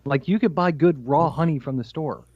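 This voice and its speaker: A man's voice: a little high, normal speed, slightly rough, lo-fi sound. A man co-hosting a podcast in casual chat, telling stories with a laugh. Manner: jokey, laughs at his own stories. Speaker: podcast co-host.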